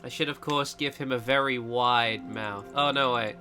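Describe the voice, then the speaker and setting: A man with a very bright, forceful voice chats loosely over a game. He jokes at his own expense and rambles as he plays, with soft music in the background. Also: mid-range voice, steady tone, moderate pace. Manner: jokey, rambling, self-mocking. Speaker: gaming co-host. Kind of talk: casual gameplay banter.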